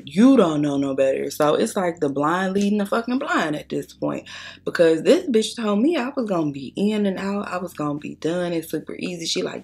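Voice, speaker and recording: A woman's voice: deep voice, slightly rough. A young adult woman telling a blunt, profane story to her viewers while doing her makeup. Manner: blunt, profane, chatty, addresses viewers as y'all. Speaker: beauty vlogger.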